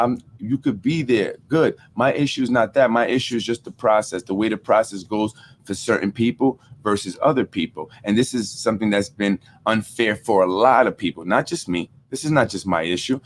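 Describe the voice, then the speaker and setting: A man hosting a casual political podcast, talking in an animated way, repeating himself and using street-casual slang. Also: fairly low pitch, slight background noise. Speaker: podcast host.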